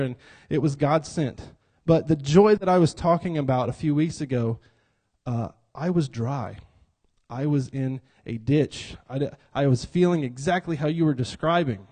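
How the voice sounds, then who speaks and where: A man's voice: on the high side, normal speed, warm tone. A man preaching an interactive church sermon, joking around and calling on the congregation to repeat lines back to him. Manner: joking, self-described cut-up, calls for congregation responses.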